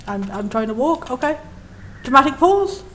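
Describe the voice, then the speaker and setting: A woman's voice: high-pitched, big pitch swings, normal speed, fairly bright tone, slight background noise. A young woman giving chatty, enthusiastic and opinionated commentary as she plays a game. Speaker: let's play host.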